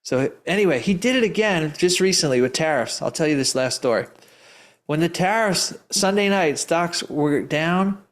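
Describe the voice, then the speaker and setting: Energetic man teaching investing, slightly high voice. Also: normal speed. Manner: energetic, emphatic storytelling with frequent laughs; rambling, restarts sentences often. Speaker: investing educator. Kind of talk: live audience Q&A talk.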